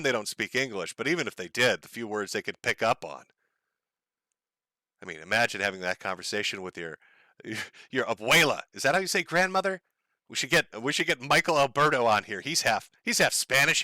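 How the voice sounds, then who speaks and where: A man's voice: medium pitch, expressive, brisk, bright, forceful tone, no room sound. Sardonic, profane livestream host man. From United States. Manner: profane, sardonic, chuckling often. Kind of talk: casual livestream rant.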